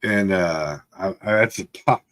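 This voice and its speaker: Middle-aged male host, slightly low voice, rambling casual storyteller. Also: a little slow, a bit bright. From Texas. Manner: laid-back, rambling, laughs often, lots of fillers. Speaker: livestream host.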